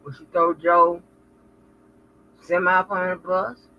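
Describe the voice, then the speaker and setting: A woman's voice: fairly low pitch, flat delivery, slow pace. A woman vlogger chatting frankly and profanely with her viewers, telling stories in a loose, candid way. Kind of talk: casual chat to viewers. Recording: lo-fi with faint noise.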